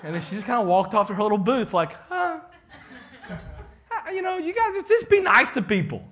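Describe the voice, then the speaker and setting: A man's voice: sits high, very animated, fast talker, a bit bright. A man, a pastor giving a casual, joking leadership talk to his congregation and acting out the people he quotes.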